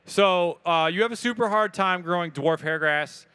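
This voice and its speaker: This is a man, giving a live talk at an expo and fielding questions from the crowd. His voice sits high, bright and very clear. He talks casually and with lots of energy, cracking jokes. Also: normal speed. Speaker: speaker answering audience questions. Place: event hall with audience.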